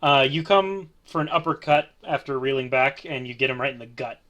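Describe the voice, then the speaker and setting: A man's voice: medium pitch, fairly quick, fairly bright tone. A man narrating a tabletop role-play as game master, easygoing and hesitant.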